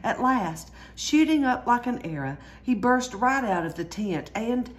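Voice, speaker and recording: A woman reading a children's storybook aloud in a lively way, jumping higher for the characters' cries. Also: unhurried. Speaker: storyteller reading a picture book.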